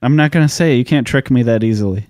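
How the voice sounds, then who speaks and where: A man co-hosting a casual history podcast, telling the story in a relaxed, profane, joking way. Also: medium pitch, quick pace, no echo, studio quality. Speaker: podcast co-host.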